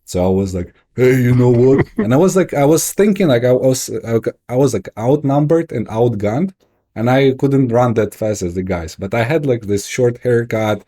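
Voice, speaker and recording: Dark-voiced Ukrainian-accented man. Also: mid-range voice. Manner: animated, halting, many restarts and fillers. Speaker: guest, investor and entrepreneur. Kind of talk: casual interview storytelling.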